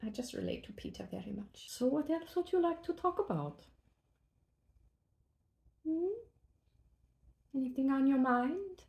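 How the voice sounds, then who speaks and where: A woman's voice: sits high, sing-song, measured pace, creaky, pauses often, darkish tone. A young woman chatting playfully while she bakes in her kitchen, often dropping into a whisper. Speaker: book vlogger. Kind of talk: casual chat while baking. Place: home kitchen. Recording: echoey kitchen.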